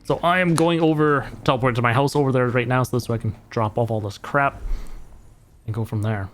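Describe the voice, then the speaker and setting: A young man streams a game live, chatting casually with viewers and teammates and laughing often. His voice is medium-pitched and steady, he speaks fairly quickly, and there's slight background noise.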